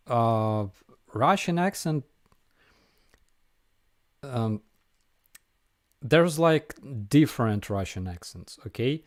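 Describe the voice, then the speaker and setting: A man's voice: mid-range voice, a little mellow, no room sound, studio quality. A man with a Ukrainian accent hosting a casual live viewer Q&A, hesitant with many fillers and restarts.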